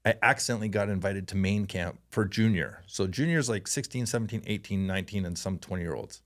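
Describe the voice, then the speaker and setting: With a low voice and a fairly quick pace, this man from Canada, once a hockey player, spins stories in a relaxed interview. He gets animated, laughs a lot, and performs different voices.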